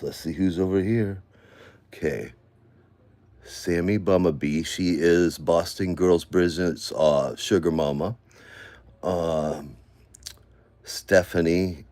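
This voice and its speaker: A man vlogging casually, muttering to himself as he scrolls through comments, then breaking into loud rants. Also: low-pitched, no room sound.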